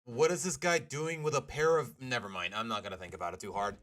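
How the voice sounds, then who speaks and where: A man's voice: medium pitch, fast talker, fairly bright tone. A man streaming a casual comic reaction, exasperated and incredulous, firing off questions.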